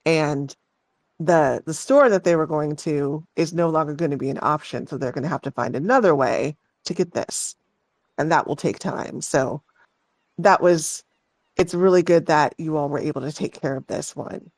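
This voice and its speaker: A woman narrating as game master of a tabletop game, unhurried and halting with restarts. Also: low-pitched, a little mellow, no room sound.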